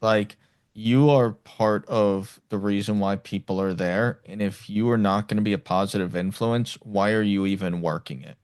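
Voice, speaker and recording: An easygoing male podcast host with a fairly low voice, recorded dry and close with no room sound. He talks agreeably and casually, often repeating words as he goes. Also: steady tone, moderate pace, darkish tone, clean tone, no room sound.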